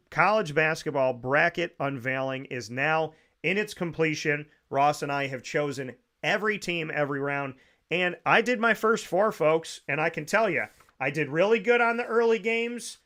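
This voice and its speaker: A man's voice: fairly high pitch, animated, moderate pace, pushed and bright. A man hosting a casual sports talk show, upbeat, chatty and sincere.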